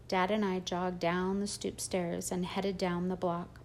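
A woman reading a first-person audiobook in a steady, plain storytelling manner. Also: on the low side, a little slow, a little hiss or hum. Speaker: audiobook narrator.

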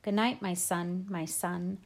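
A woman reading as a gentle joking dad. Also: fairly low pitch, steady tone, slow. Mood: fond. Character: gentle joking middle-aged father.

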